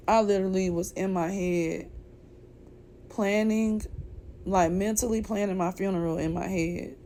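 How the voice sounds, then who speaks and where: A woman's voice: on the low side, warm tone, a little hiss or hum. A woman giving an emotional personal testimony in a candid, chatty way, speaking straight to viewers and speaking openly about her faith. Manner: faith-filled, calls for casting down negative words. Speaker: vlogger sharing a personal testimony.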